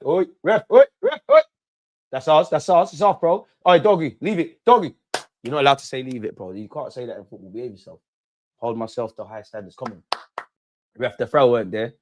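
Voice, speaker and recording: Young bloke on a match watchalong, loud banter, shouting at the ref, kinda high voice. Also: male voice. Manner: animated, shouts at players and referee; slangy banter. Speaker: football watch-along host. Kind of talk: live match watch-along commentary.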